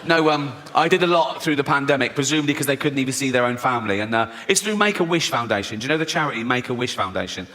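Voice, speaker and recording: A man's voice: mid-range voice, expressive, quick pace, few pauses, fairly bright tone. A male stand-up comedian with an English accent, mocking and sweary, acting out bits of voices in a live show. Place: large theatre with audience.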